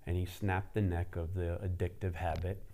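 A man preaching, telling a story in a casual, animated way with lots of fillers. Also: low voice, moderate pace. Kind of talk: sermon storytelling.

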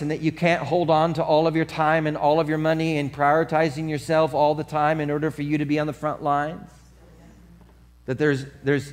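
Animated male pastor, slightly high voice. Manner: animated storytelling, acts out voices; drops to soft earnest tone for the appeal. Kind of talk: sermon.

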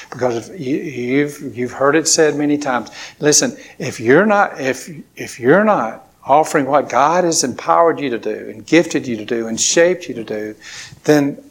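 A man preaching a sermon to a congregation, emphatic, with repetitions and call-and-response. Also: mid-range voice. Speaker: pastor.

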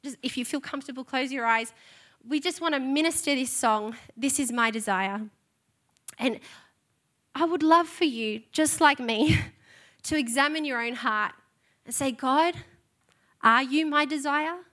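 Woman pastor with a high voice and a sincere, heartfelt delivery for a church testimony. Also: normal speed, long pauses, fairly bright tone. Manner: earnest, heartfelt. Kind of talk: testimony sermon. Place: church stage.

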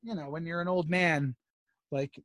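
Man, podcast host, high voice, animated and swearing, dry close mic. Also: moderate pace, no echo. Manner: animated, profane storytelling. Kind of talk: casual chat.

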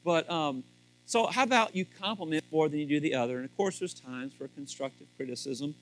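A man's voice: on the high side, fairly quick, fairly bright tone, soft background music, rough recording. A man speaking to a live audience about marriage in a joking, folksy way, rambling with restarts. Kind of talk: humorous sermon to a live audience.

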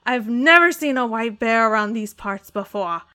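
A woman's voice: a little high, lively intonation, moderate pace, bright, forceful tone. A woman voicing a jumpy male dwarf cart driver who stammers and shrieks in panic. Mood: terrified.

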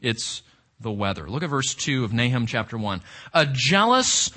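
A man's voice: mid-range voice, normal speed, fairly bright tone. A male pastor preaching a sermon with emphasis, reading scripture aloud and asking the congregation rhetorical questions.

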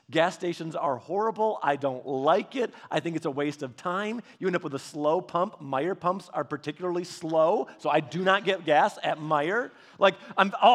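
A pastor in his thirties preaches in a high-pitched, somewhat bright voice. He tells rambling personal stories in a casual, chatty way, restarting often.

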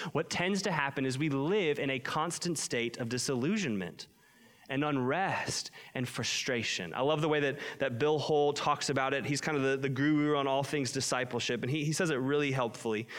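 A young adult man preaching a sermon as a pastor, earnest, slowing right down to stress his key lines. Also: mid-range voice, a bit bright.

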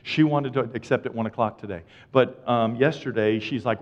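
A man preaching a sermon as a pastor, telling stories and acting out voices with loud high-pitched outbursts. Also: normal speed, hardly any pauses. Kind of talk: sermon with storytelling. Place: church. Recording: dull sound with long hall reverb.

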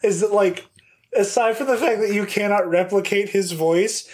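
A man's voice: high-pitched, moderate pace. A man co-hosting a casual podcast, talking in a rambling way with many restarts. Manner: rambling, lots of ums and restarts. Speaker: podcast co-host.

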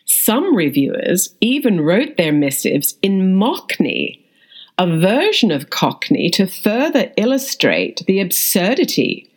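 A woman actor reading a scripted audio essay in a measured, deliberate way. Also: fairly low pitch, breathy edge. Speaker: actor and media studies student.

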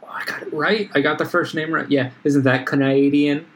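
A man's voice: fairly high pitch, fairly even intonation, fairly quick, fairly bright tone, dull audio. A man chatting casually, joking around and laughing often. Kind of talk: casual chat.

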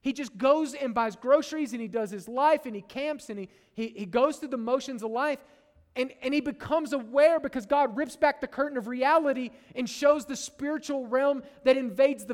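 High-voiced pastor in an echoing hall. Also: male voice. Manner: conversational, joking, constant "right?" tags. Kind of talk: sermon. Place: church sanctuary. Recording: long reverb of a large hall.

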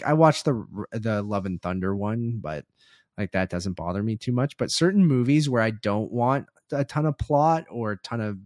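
A man's voice: medium pitch, a little mellow, no room sound, clean studio sound. A man co-hosting a podcast, laid-back and hesitant, often laughing as he chats. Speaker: podcast co-host. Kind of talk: casual chat.

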